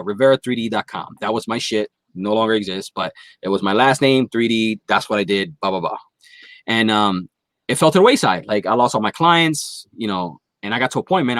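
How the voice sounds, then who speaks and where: A man's voice: mid-range voice, a bit bright, no echo. A man guest on a podcast, telling a long, profanity-heavy story in casual chat. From Philadelphia area.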